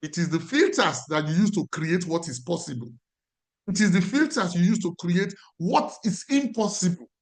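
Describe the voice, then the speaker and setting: Animated Nigerian man teaching a class. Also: high voice, moderate pace. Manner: emphatic, repeats key phrases. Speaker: life coach teaching a class.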